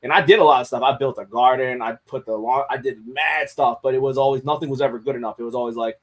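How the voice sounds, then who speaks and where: A man's voice: medium pitch, fairly even intonation, fast talker, hardly any pauses. A man in casual podcast chat, speaking candidly with frequent swearing and restarts. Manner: candid, profane, many restarts.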